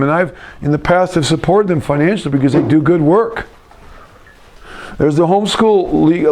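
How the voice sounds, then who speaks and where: A middle-aged pastor giving a conversational sermon, with frequent restarts and asides. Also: male voice, a little high, a little mellow.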